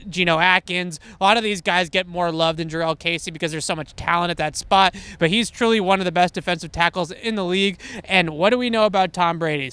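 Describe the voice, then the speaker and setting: Bright, high-voiced football analyst man. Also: smooth, no echo. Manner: nerdy, enthusiastic breakdown of tactics. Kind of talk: casual sports podcast chat.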